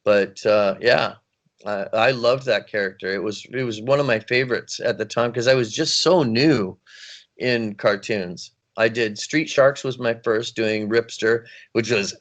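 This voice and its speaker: Animated, rambling man, voice actor guest. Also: medium pitch, a little slow. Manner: animated, rambling, laughs often. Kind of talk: casual interview chat.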